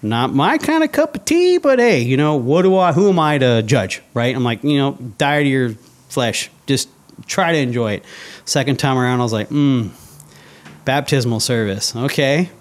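A man's voice: medium pitch, moderate pace. A man in an interview, telling a personal story casually and acting out his own past thoughts. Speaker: interview guest.

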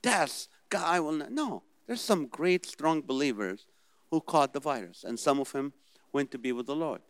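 A man's voice: on the high side, normal speed, no echo. A man preaching a sermon, asking rhetorical questions and mimicking worried voices. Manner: animated, rhetorical questions, mocking imitations of worried people. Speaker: pastor.

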